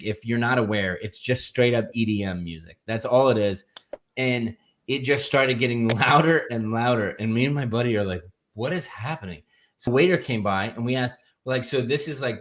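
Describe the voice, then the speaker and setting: Animated male comedian telling stories. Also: mid-range voice, slight background noise. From Phoenix area. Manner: animated storytelling, laughs often. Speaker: comedian co-host. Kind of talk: casual comedy chat.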